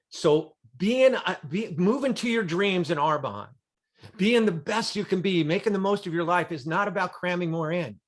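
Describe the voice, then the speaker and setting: High-voiced male motivational storyteller. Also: animated, normal speed. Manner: dramatic storyteller, repetitive emphatic phrasing. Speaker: motivational speaker. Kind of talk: storytelling keynote on a group call. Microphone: video call.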